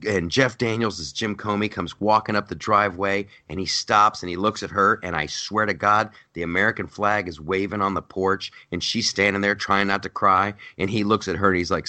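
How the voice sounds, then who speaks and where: A man hosting a podcast, retelling a show in an animated, mocking, comedic way. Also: moderate pace. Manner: animated, mocking retelling with big pitch jumps. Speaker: podcast host. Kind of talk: casual comedic chat.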